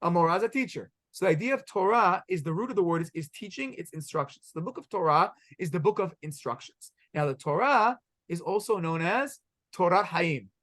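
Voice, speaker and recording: A man's voice: high voice, lively intonation, brisk, a bit bright. A middle-aged man teaching a halacha class as a rabbi, energetically quizzing students and saying Hebrew words with an Israeli pronunciation. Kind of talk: classroom lecture with questions to students.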